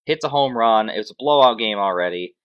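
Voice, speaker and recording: A man hosting a fantasy sports show, talking in a loose, sarcastic rant. His voice sits somewhat low. The recording sounds dull and lo-fi. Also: brisk, clean tone. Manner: animated, sarcastic, ranting. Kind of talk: casual sports commentary.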